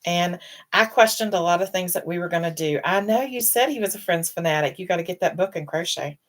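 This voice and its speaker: A woman's low, unhurried voice carries a casual live-stream chat. She rambles from one thought to the next and sounds on the edge of crying. She comes across as middle-aged and speaks as the host of her own show. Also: fairly bright tone. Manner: rambling, emotional, fighting back tears.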